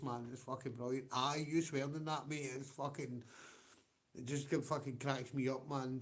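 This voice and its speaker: A man with a Scottish accent hosting a livestream and chatting casually with viewers. He swears constantly, rambles and often breaks into laughter. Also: mid-range voice. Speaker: livestream host.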